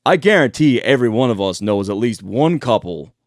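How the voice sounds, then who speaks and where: A man's voice: mid-range voice, big pitch swings, fairly quick, no echo. A man narrating a commentary video in a casual, conversational way, swearing now and then. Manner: conversational, swearing, reads quotes aloud. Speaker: commentary channel host.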